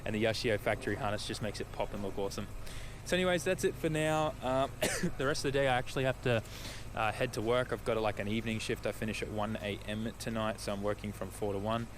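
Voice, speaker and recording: A man's voice: on the low side, fast. A man streaming to his viewers in a casual, rambling, upbeat way with many fillers, talking outdoors beside his parked car. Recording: outdoor noise behind the voice.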